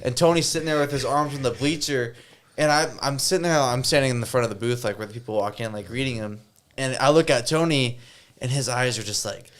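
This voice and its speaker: A man's voice: medium pitch, a little fast. A man chatting casually on a podcast, telling a story in an easygoing, rambling way. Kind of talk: casual chat.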